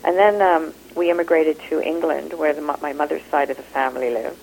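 A woman with a Canadian accent talks in an interview, animated and expressive. Her voice sits low. The sound is thin, like a phone line. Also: fairly quick, gravelly, a little hiss or hum. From Kenya. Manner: animated, expressive, laughs easily. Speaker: actor and improv teacher. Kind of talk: interview conversation.

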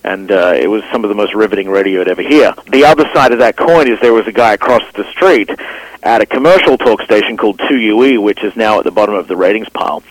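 A man's voice: lowish voice, fast talker, no echo, rough recording. A man from Australia in his thirties with a mixed Australian and Canadian accent, a radio broadcaster chatting as a guest in a studio, rambling and full of fillers. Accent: Australian with some Canadian. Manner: rambling, restarts phrases, many fillers. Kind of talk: casual interview chat.

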